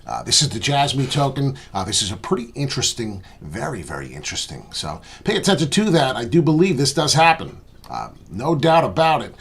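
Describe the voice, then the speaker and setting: A man hosting a crypto trading channel, giving casual chart commentary in a boastful, rambling, animated way. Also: medium pitch, fairly quick, vocal fry, breathy edge.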